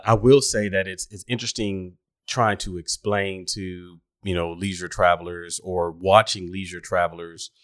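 A man hosting a casual podcast chat in an easygoing, teasing way, laughing often. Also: sits low.

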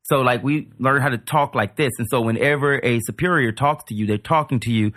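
A man, a comedian and military veteran, bantering as a podcast guest, joking and laughing loudly. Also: medium pitch, brisk. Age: adult, military veteran. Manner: boisterous, laughs loudly and often.

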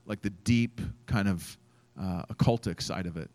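A man preaching a sermon as a pastor, telling a story in an animated way, acting out quotes and using many fillers. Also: sits low, normal speed. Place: church event stage.

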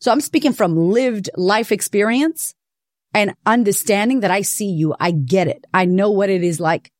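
A woman hosting a podcast, telling her own story in a candid, profane, animated way. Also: mid-range voice, moderate pace, dry recording, clean studio sound. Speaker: podcast host. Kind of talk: personal confessional monologue.

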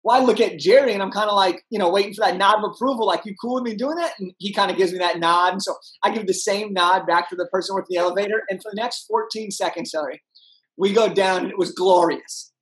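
A young man, a podcast guest, telling an energetic story and acting out the people in it. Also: sits high, quick pace, low-quality recording. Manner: animated, acts out voices in his anecdotes.

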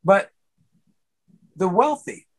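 An older man talks in the lively, sermon-like way of a motivational speaker, driving his points home by repeating key phrases. His voice sits a little higher than most men's. He comes across as an energetic guest on a podcast interview. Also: drawn-out words. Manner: preachy, repeats key phrases, bursts into singing.

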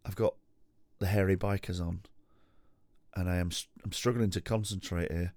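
Low-voiced sweary man. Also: steady tone, normal speed, a little mellow, no echo, studio quality. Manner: candid, rambling, sweary. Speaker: podcast host. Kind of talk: solo podcast monologue. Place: his home.

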